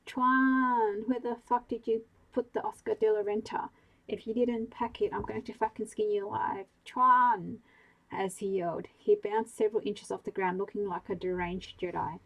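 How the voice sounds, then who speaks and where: A woman narrating a bedtime audiobook in a calm, even voice. The sound is husky and gravelly, and the melody stays flat throughout. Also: mid-range voice, low-quality recording. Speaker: sleep story narrator.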